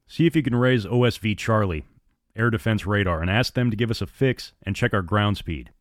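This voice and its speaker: A man voicing a tense, commanding male airline captain in an audiobook, giving clipped, grim orders in a low voice. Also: fairly quick, no room sound, studio quality, natural voice.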